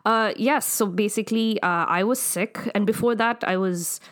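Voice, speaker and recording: A woman's voice: moderate pace, a bit bright. A woman from India co-hosting a podcast, chatting casually and joking, often acting out quotes in a raised voice. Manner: chatty, jokey, acts out quotes in a high voice. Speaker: podcast co-host. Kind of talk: casual chat.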